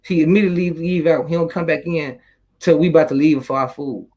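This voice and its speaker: A young man tells a story in a casual, rambling way. His voice sits fairly high, and his talk is full of street slang and cursing. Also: steady tone, brisk, mellow, poor audio. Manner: streetwise slang, loose and rambling, swears freely. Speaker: YouTuber telling a story.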